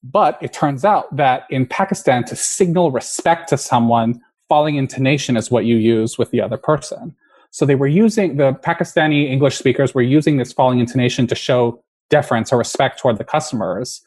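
A man's voice: medium pitch, brisk, darkish tone. A man talking as a podcast guest about his work as a linguist, explaining ideas in a loose, storytelling way. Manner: explanatory, storytelling, frequent "like" fillers. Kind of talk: casual interview chat.

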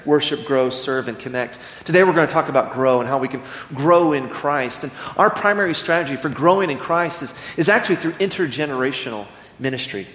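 A man in his thirties preaching a sermon, earnest and storytelling, slowing down when he reads scripture. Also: mid-range voice, a bit bright. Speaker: pastor. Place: church sanctuary. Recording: echoey church hall.

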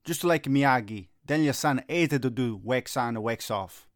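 A man's voice: medium pitch, measured pace, no room sound, clean studio sound. A middle-aged man playing a youth soccer coach in a comedy sketch, given to gloomy melodramatic rants that flare into agitated Italian curses.

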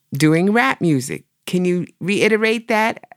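Long island lady co-hosting a podcast, lowish smooth voice, dry mic. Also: animated, slow pace, no room sound. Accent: Long Island New York. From Long Island, New York. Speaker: podcast co-host. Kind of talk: casual podcast chat.

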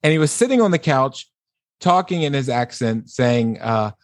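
A man, a sex therapist, talking casually and explaining things in a measured way, often restarting his sentences. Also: mid-range voice, expressive, no room sound, studio quality. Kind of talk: casual podcast conversation.

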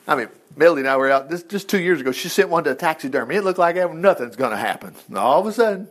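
A man's voice: a little high, expressive, racing. A middle-aged man preaching in a chatty, folksy storytelling way, acting out the lines he quotes.

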